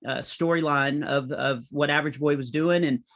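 Middle-aged male comedian, lively anecdotal delivery, slightly high-pitched voice. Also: normal speed. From United States. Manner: animated anecdotal storytelling. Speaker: comedian and author guest. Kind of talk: conversational interview.

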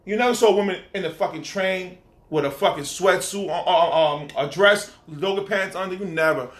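Man, podcast host, high voice, blunt, profane, casual chat. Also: fairly quick.

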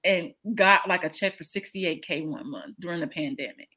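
A woman in her thirties chatting casually over a video call, blunt, profane and animated, often laughing. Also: fairly low pitch, normal speed, husky. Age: 30s. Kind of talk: casual chat.

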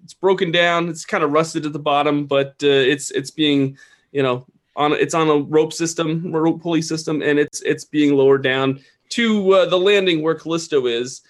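A man running a tabletop game as its game master. His voice sits a little high, and he narrates in a halting way, full of "uh" and restarts. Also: fairly even intonation. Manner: halting, many fillers and restarts.

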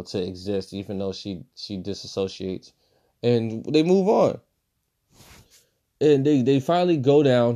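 A man giving a casual, profane movie review, swinging between loud outbursts and low mutters.

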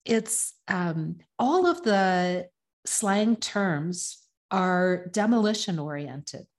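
A woman's voice: on the low side, expressive, drawn-out words. A woman guest on a podcast, talking earnestly and emphatically in casual chat, stacking up punchy repeated phrases. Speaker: podcast guest, sobriety coach.

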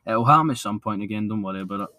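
A Scottish man co-hosting a casual football podcast, calmer and agreeable, steering the chat along. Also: fairly low pitch, racing. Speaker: podcast co-host.

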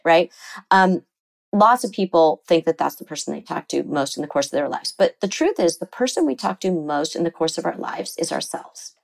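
A woman psychotherapist talking in an interview, animated and explaining ideas, often slipping into quoted voices. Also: low-pitched, normal speed, vocal fry. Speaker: psychotherapist guest. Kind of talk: conversational interview.

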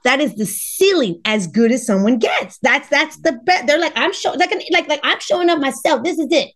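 A middle-aged woman from Los Angeles of Cuban background, a dating coach talking as a podcast guest, emphatic and repeating words as she acts out what people said. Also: fairly high pitch. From Los Angeles, Cuban family. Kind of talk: podcast interview.

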